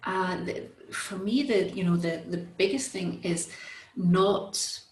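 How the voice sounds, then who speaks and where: A woman's voice: fairly low pitch, takes it slowly. A woman guest on a casual video call, a relationship coach who hesitates and searches for words, laughing easily. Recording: echoey room on a call.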